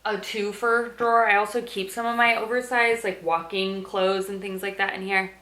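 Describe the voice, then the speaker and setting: A woman's voice: medium pitch, level tone, moderate pace, sharp tone. A woman vlogging in casual chat at home, chatty and candid, with loose fillers, filmed on a handheld phone. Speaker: daily vlogger. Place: at home, sorting a dresser. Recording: echoey room with faint noise.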